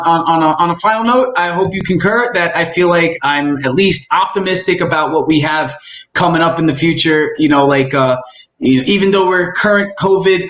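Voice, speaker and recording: Male podcast host, slightly high voice, profane stammering chat, roomy echo. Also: fairly bright tone. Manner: rambling, profane, stammering restarts. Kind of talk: casual chat.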